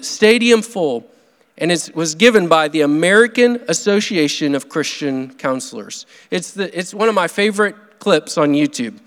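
A pastor preaching a sermon, earnest, with dramatic pauses. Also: male voice, high voice, a bit bright. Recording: long hall reverb.

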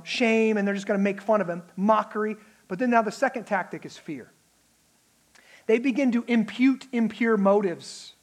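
A man preaching a sermon, animated, acting out the mocking voices of enemies. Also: high voice. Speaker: pastor.

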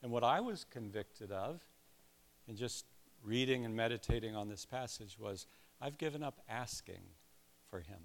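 A man's voice: medium pitch, lively intonation, moderate pace. An older man preaching a sermon in a conversational way, with self-deprecating asides and personal stories. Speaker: pastor.

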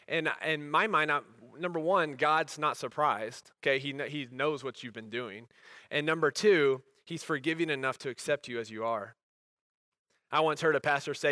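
A man delivers a sermon as a pastor, his voice bright and a touch higher than most. He is earnest, pushing up to emphatic peaks before falling soft and quiet. The sound is close and dry, with no room around it. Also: moderate pace, no room sound.

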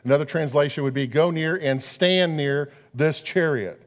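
A man's voice: on the high side, moderate pace, big-room sound. A man preaching a sermon as pastor, talking conversationally and asking his listeners rhetorical questions.

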